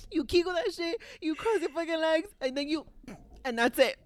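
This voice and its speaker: A woman's voice: very high-pitched, animated, a little fast, a little hiss or hum. A young woman co-hosting a podcast, talking frankly and swearing freely in casual chat. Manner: frank, profane, laughing. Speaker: podcast co-host.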